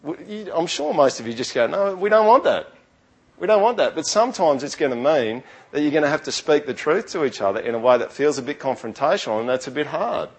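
A man's voice: medium pitch, animated, quick pace, few pauses, breathy edge, poor audio. A middle-aged man preaching a sermon in a conversational, earnest way, often restarting his sentences. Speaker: pastor.

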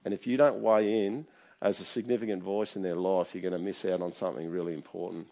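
A man's voice: sits low, steady tone, fast talker, vocal fry, mellow. A middle-aged man preaching a conversational sermon, often checking in with his listeners. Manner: chatty, keeps checking in with the congregation. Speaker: pastor.

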